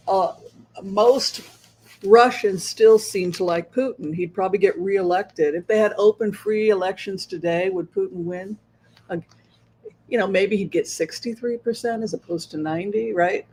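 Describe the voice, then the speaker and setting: Male stream host with a high voice, rhetorical political commentary, keeps checking in with "right?". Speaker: psychic show host.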